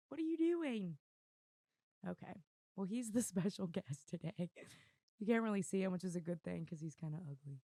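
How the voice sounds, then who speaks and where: Hoarse woman podcast host, gravelly, dry close sound, rambling self-deprecating chat. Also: mid-range voice, expressive, moderate pace, a little mellow, dry recording. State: losing her voice. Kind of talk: casual chat. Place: room at home with dogs. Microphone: desk mic on video.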